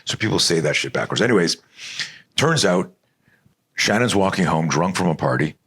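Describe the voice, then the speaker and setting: A middle-aged man from Canada, a self-defense instructor guesting on a podcast, telling a story in an animated, blunt way and swearing freely. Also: sits low, moderate pace, slightly rough. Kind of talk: storytelling in a conversational interview.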